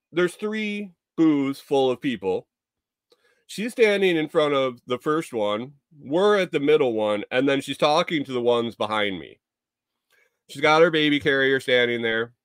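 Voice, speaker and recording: This man tells a long, rambling story with a lot of swearing, and his pitch rises and falls in an animated way. He sounds exasperated. The recording is dry and close to the mic, with no room sound. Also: smooth, no echo. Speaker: vlogger. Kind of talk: casual storytelling.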